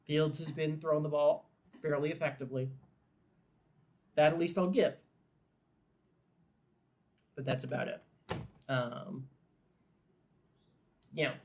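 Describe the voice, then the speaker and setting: Male watchalong host, a bit higher-pitched, frustrated fan who turns into an eager play-by-play caller. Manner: frustrated fan grumbling, swearing, bursts of excitement on big plays. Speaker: host of a live game watchalong. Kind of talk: casual live game commentary.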